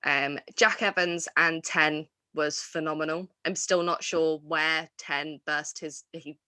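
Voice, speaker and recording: A woman's voice: sits low, fairly even intonation, slow pace, bright, forceful tone, clean tone, no echo. A woman hosting a wrestling review show, chatting casually and enthusiastically, rambling with restarts and fillers. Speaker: wrestling podcast host.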